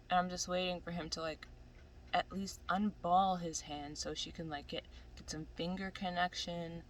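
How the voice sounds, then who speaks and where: A woman anime commentator with a lowish voice rants casually about an anime she's watching, animated, profane and exasperated, at normal speed. The low-quality recording carries slight background noise.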